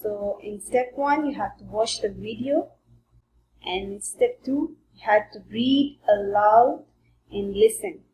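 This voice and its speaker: A woman teaching a language lesson, slowly modelling sounds for learners to repeat. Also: medium pitch, warm tone. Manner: slow and deliberate, modelling sounds for repetition. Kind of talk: slow spoken language lesson. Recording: echoey room with faint background noise.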